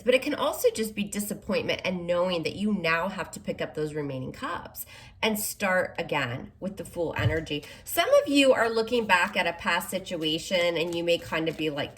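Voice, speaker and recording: A woman's voice: lowish voice, a bit bright. A woman giving a chatty, reassuring tarot reading, often checking in with the listener with "okay?" and "you know". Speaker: tarot reader. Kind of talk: casual spoken tarot reading. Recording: faint background noise.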